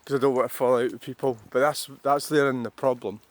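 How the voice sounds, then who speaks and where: A man's voice: mid-range voice, steady tone, fast, no room sound. A Scottish man in his sixties, a vlogger, rambling through a reflective monologue with wry, self-mocking asides. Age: 60s.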